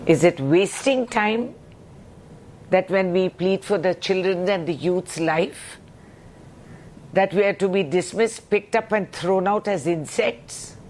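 A woman's voice: mid-range voice, darkish tone, slight background noise. Impassioned woman politician. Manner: impassioned, indignant, rhetorical questions. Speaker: opposition member of parliament. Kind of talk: heated televised news interview.

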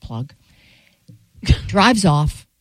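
Low-voiced woman telling animated stories. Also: drawn-out words, dry recording, low-quality recording. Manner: animated storyteller acting out quotes. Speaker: radio co-host. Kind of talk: casual radio chat, storytelling.

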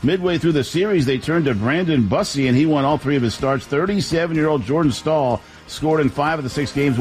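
Man reading a brisk sports roundup. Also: medium pitch, a little mellow. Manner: clipped, brisk delivery. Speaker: sports reporter. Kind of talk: scripted sports news roundup.

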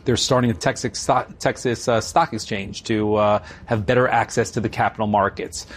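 A man's voice: on the low side, steady tone, moderate pace. A man interviewed on business and city economics, talking emphatically and repeating words for stress. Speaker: business leader interview guest. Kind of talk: conversational interview.

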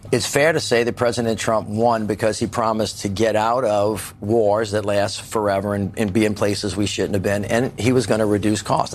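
A man talks as a guest on a televised news panel, folksy and emphatic in delivery. His voice sits a little low, and a faint hum runs under it. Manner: folksy, emphatic, quotes people in plain talk. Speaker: political commentator guest. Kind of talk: panel discussion.

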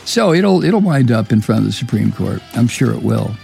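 A man's voice: mid-range voice, big pitch swings, normal speed, creaky, mellow, soft background music. A man hosting a talk show, delivering angry, profane, sneering political commentary. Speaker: radio talk host.

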